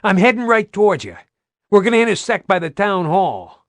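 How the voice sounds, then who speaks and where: A man voicing a brash, sarcastic male soldier who is out of breath and talks fast. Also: medium pitch, wildly swooping pitch, dry recording, clean studio sound. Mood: urgent. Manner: loud, rapid, out of breath.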